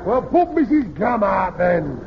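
A man's voice: high voice, creaky, noisy background, full character voice. An actor playing a blustering, scheming older father in a radio sitcom, pompous and hammy in his delivery. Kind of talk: vintage radio sitcom acting. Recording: dull lo-fi vintage radio recording.

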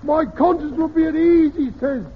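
A man's voice: very high voice, normal speed, slight background noise. An actor playing a blustering, scheming older father in a radio sitcom, pompous and hammy in his delivery. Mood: conspiratorial. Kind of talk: vintage radio sitcom acting. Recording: dull lo-fi vintage radio recording.

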